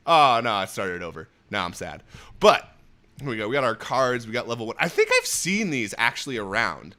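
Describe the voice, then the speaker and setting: Lively, jokey male stream host. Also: mid-range voice, measured pace. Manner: energetic, jokey, swears, laughs often. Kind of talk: casual livestream commentary.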